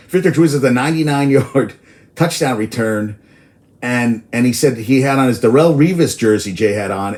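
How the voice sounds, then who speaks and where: A man's voice: fairly high pitch, a little mellow. A man hosting a casual sports talk show, rambling through stats and personal tangents, cursing freely, apparently outdoors in New York.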